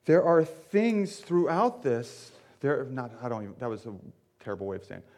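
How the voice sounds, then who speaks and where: A young pastor's medium-pitched, somewhat dark voice fills a church sanctuary during a conversational sermon. Filler words come often, and he keeps joking with the congregation.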